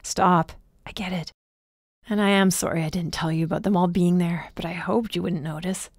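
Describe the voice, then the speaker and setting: A woman voicing a tired, protective young man who speaks in a steady, hushed, reassuring way. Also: on the low side, moderate pace, no echo, studio quality.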